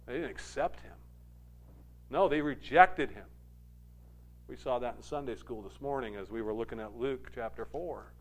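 A Scottish man preaching a sermon, telling stories in an animated, emphatic way. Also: mid-range voice, normal speed, long pauses. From Scotland.

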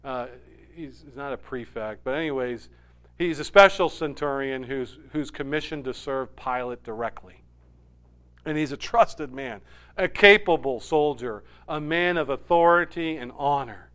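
A man preaching a sermon, animated, dropping to a hush and rising loud when he acts out quoted lines. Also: mid-range voice, measured pace, clean tone. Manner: animated, swings from hushed to loud when quoting. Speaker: pastor.

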